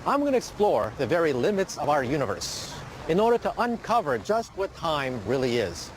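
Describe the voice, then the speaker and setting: A man's voice: on the high side, big pitch swings, moderate pace, slight background noise. An older man presenting a science documentary in a dramatic, emphatic scripted narration. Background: background music.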